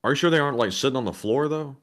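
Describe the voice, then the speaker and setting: A man's voice: medium pitch, very fast. A man co-hosting a casual live stream, reading viewer messages aloud and dropping dry puns and skeptical asides. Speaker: co-host reading super chats.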